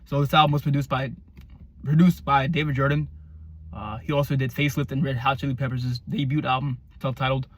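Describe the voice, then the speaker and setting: A man giving a casual album review, rambling and excitable, with lots of fillers and the odd swear. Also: medium pitch, a little fast, a little hiss or hum. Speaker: music reviewer.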